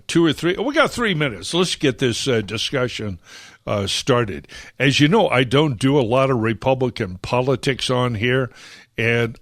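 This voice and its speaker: A man hosting a political talk radio show, opinionated and halting, with many fillers and restarts. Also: medium pitch, no room sound, clean studio sound.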